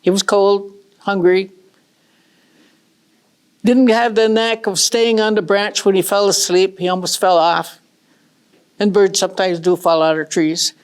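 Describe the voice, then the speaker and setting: A middle-aged woman from northern Michigan telling a traditional story in a folksy, unhurried way, with casual asides to her listeners. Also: medium pitch, fairly even intonation, smooth.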